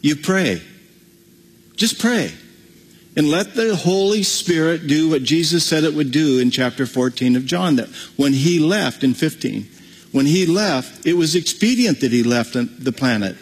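Husky-voiced preacher man in a reverberant hall. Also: on the high side, lively intonation, moderate pace. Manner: emphatic, folksy preaching. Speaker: pastor. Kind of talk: sermon with prayer and Bible teaching.

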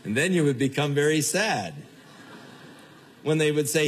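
An older man preaching a sermon as pastor, slow and earnest, acting out quoted voices of his listeners now and then. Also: a little high, expressive, slight background noise.

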